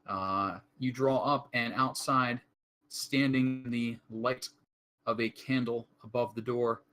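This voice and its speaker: A man narrating a tabletop horror campaign as game master, describing scenes with frequent pauses and fillers. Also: mid-range voice, fairly even intonation, a bit bright.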